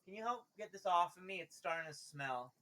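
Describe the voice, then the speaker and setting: A whiny little girl with a childish, complaining manner, as a man puts her on. The voice is pushed up high. It is a tabletop-game character. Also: lively intonation, a little fast, sharp tone, poor audio. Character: small young girl, whiny.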